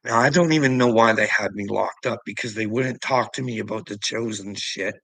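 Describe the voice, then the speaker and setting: Man, middle-aged, ranting vlog monologue, agitated, profane, gravelly, dry sound. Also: fairly low pitch, brisk, sharp tone, dry recording, low-quality recording. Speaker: vlogger.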